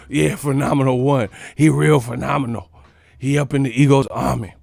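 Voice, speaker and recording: A man's voice: mid-range voice, steady tone, normal speed, creaky, a little mellow, no room sound. A man hosting a boxing live stream, rambling in casual slang and laughing often as he talks to his chat. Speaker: boxing channel host.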